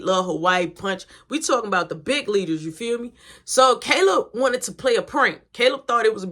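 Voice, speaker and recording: A young adult woman telling a casual story, animated and slangy, acting out the quotes. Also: mid-range voice.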